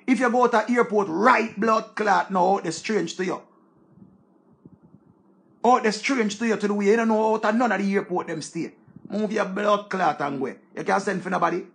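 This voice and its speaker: A man with a Jamaican accent delivers a heated, scolding rant to viewers, swearing freely in the casual style of an online commentator. His voice sits high and is creaky and a bit bright, moving at a moderate pace.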